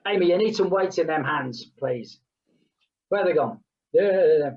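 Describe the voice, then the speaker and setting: A woman's voice: sits low, lively intonation, moderate pace, a little mellow, lo-fi sound. A woman leading a group exercise class, chatting between count-downs and humming playful sounds. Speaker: fitness instructor.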